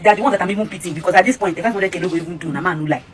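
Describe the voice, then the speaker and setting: Nigerian mom vlogger, quick chatty delivery, slightly low voice. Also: female voice. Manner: chatty, complaining. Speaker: mother. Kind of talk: casual vlog chat.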